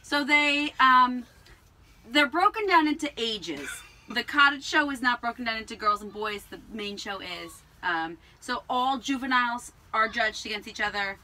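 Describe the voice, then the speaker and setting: A woman co-hosting a casual farm podcast, chatty and quick to laugh while telling stories. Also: fairly high pitch, animated, bright, forceful tone, slight background noise, rough recording. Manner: chatty, laughs often, storytelling. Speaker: podcast co-host, alpaca farmer. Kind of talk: casual chat.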